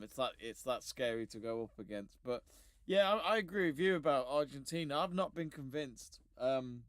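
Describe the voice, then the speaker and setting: A man hosting a casual sports chat show, upbeat and animated as he presents. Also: mid-range voice, clean tone, dry recording, studio quality. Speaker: host.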